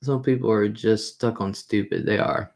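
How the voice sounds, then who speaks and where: A very deep, darkish voice with vocal fry, a steady tone and moderate pace belongs to a middle-aged livestream host. She reads viewer comments aloud and tells chatty family stories, repeating things for emphasis and imitating voices as she retells them.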